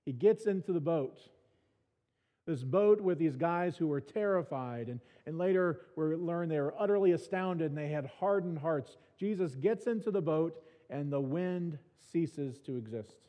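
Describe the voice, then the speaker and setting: A man's voice: fairly high pitch, a little slow, dark tone. A male pastor preaching a sermon in a church, talking casually with dry, self-mocking humor and restarting his words often. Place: church sanctuary. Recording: reverberant church hall, dull sound.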